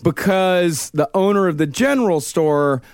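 A man leads a casual podcast chat, telling a true crime story in a relaxed way with dry asides. His voice sits a bit high. The sound is close and dry with no room around it. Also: unhurried, smooth, no echo.

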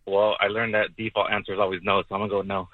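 A man's voice: on the low side, flat delivery, very fast, narrow, tinny audio. A man calling in to play a radio quiz, answering in a hesitant way. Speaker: caller playing a quiz.

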